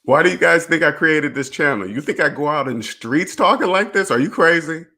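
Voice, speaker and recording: A man's voice: on the high side, expressive, a little fast, vocal fry, pushed and bright. A man hosting his own personal finance channel, talking straight to the camera in a blunt, preachy way, firing rhetorical questions, swearing casually and laughing briefly. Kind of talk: casual direct-to-camera monologue.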